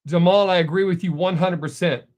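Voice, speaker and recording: A man's voice: high voice, steady tone, brisk, darkish tone. A man hosting a casual live stream, answering viewer comments in a blunt, opinionated way.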